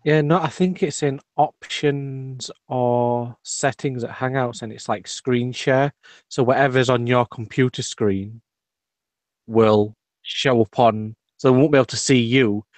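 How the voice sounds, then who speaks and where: A man chatting as a guest on a video call, soft-spoken and explaining things patiently, with many fillers. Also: mid-range voice, fairly even intonation, a little slow, dry recording. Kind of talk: casual video-call chat.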